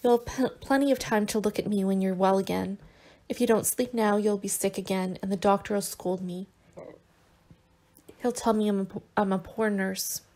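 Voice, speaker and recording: A woman reader voicing a tender young man who gently coaxes and teases his sick lover in an audiobook. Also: medium pitch, fairly even intonation, normal speed, natural voice. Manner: gentle and coaxing, with soft teasing.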